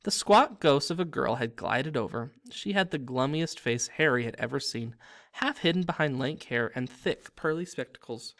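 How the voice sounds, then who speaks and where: A man narrates a story aloud at an even, steady pace. His voice sits at a middle pitch, and he makes small slips and restarts as he reads. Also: normal speed. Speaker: reader.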